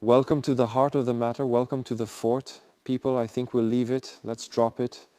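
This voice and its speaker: A man narrating an exploration vlog as he guides viewers around, talking in an excitable, exclamatory way. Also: mid-range voice, normal speed, smooth, no room sound. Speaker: urban explorer vlogger.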